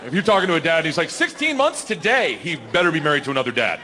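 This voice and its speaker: A man doing a loud, excitable stand-up comedy set on stage, his storytelling often rising toward a shout. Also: a little high, very fast. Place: comedy stage before a laughing audience. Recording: live show with loud crowd laughter and noise. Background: crowd laughter.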